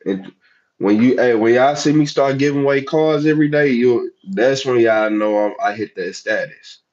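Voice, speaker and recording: A man's voice: mid-range voice, normal speed, darkish tone, highs cut off. A man with a Southern US accent who grew up in the United States, talking casually and chattily to his chat as a livestream host. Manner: chatty, laid-back, talks straight to chat.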